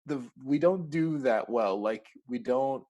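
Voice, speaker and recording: A man talking casually as an interview guest, lively, with lots of fillers and acted-out quotes. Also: medium pitch, measured pace, muffled recording. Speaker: interview guest, recruiting firm founder.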